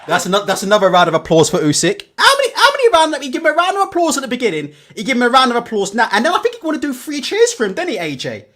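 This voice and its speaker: A man hosting a reaction video, giving animated, mock-emotional commentary and laughing a lot. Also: extremely high pitch, racing, few pauses.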